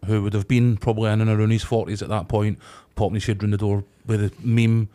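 A man's voice: fairly low pitch, little pitch movement, brisk, warm tone. A Scottish man in his forties chatting casually as a podcast co-host, telling stories and acting out quoted voices. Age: 40s. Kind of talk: casual chat.

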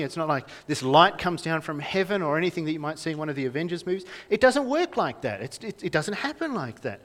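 A young man preaching a sermon in a conversational way, often asking the congregation questions. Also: high voice. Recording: reverberant hall.

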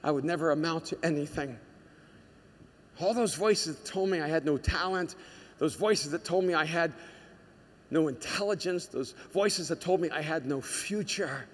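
A man preaching a sermon with a personal story, impassioned, building his points through repeated phrases. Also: fairly high pitch. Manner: impassioned, repetitive rhetorical cadence. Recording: long reverb of a large hall.

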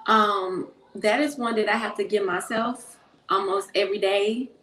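A woman's voice: mid-range voice, steady tone, measured pace, a bit bright. Earnest woman, echoey room. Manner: earnest, repeats phrases for emphasis. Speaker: mother and book co-author on a panel. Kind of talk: encouraging panel talk. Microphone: phone.

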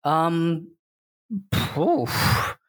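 A British man co-hosting a casual podcast, playful and hesitant, often pausing with ums. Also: on the high side, sing-song, fairly bright tone. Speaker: podcast co-host. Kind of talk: casual chat.

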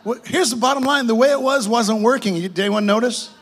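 A male pastor, preaching a fervent sermon with repeated phrases and quick restarts. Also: very high-pitched.

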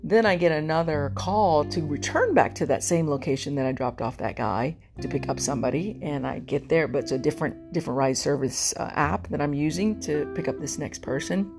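A rideshare driver recounts her day from her parked car. Her voice sits low and gravelly, and she tells the story animated and indignant, slipping into voices for the people she quotes. A faint plucked guitar runs in the background. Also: fairly quick, few pauses. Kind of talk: casual storytelling to camera.

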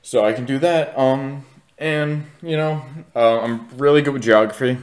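A man's voice: mid-range voice, normal speed. A young man in his twenties co-hosting a podcast, telling a story in casual, rambling chat full of fillers and acted-out quotes. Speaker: podcast co-host.

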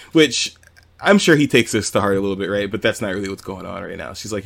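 A man's voice: on the low side, fast, vocal fry. A man co-hosting a podcast, casually retelling a manga chapter with swearing and acted-out quotes. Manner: animated storytelling with quoted voices and swearing. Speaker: podcast co-host. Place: home with cats nearby.

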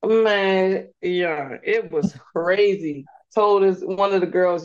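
A young woman chatting casually on a podcast, slangy and animated as she tells a story. Her voice sits at a middle pitch for a woman. The recording sounds dull and lo-fi. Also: slow, few pauses. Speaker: guest, host's niece.

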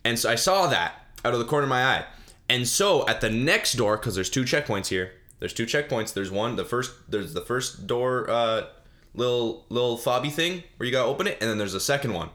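A man's voice: medium pitch, expressive, fairly quick, fairly bright tone. A young man hosting a solo podcast, telling a funny story in a rambling, self-mocking way with lots of fillers and restarts. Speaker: podcast host.

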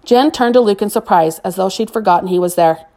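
A woman reading a novel aloud as an audiobook narrator, in a steady, expressive storytelling manner. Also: medium pitch, brisk.

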